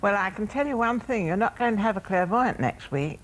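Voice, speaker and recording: A woman's voice: medium pitch, expressive, fairly quick, rough recording. An older woman appearing as a guest clairvoyant on a TV show, confident and matter-of-fact.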